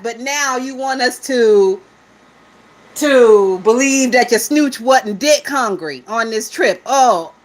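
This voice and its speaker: A woman's voice: high-pitched, a bit bright. A woman hosting a gossip livestream, talking casually and profanely with lots of laughter and mocking asides while reading viewer comments.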